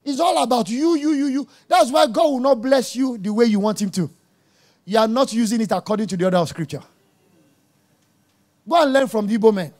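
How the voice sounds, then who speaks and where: High-voiced preacher, emphatic. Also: male voice, animated, a little fast, long pauses. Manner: emphatic, jabbing, swings from quiet asides to loud exclamations. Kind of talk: sermon.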